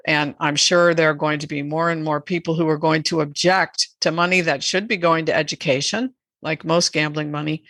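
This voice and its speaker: Woman guest, bright and forceful, dry close mic, measured and earnest. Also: fairly low pitch, no echo. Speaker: animal rights advocate guest. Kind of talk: podcast interview.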